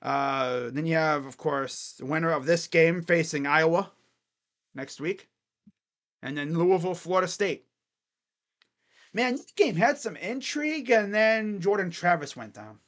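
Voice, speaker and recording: Dude streaming college football talk, kinda high voice, rambly, lots of uh and restarts. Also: male voice, expressive, measured pace, fairly bright tone. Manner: rambling, thinks aloud with fillers and restarts. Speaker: sports streamer. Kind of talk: casual livestream chat about college football.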